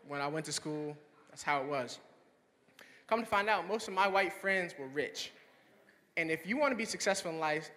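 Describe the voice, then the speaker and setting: A young man with a fairly high voice does stand-up, telling his stories with animated play-acting of the people in them. His voice rings out with a long reverb tail from a campus hall. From Swannanoa, North Carolina. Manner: animated storytelling, acting out friends in higher voices. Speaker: stand-up comedian. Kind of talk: stand-up comedy set.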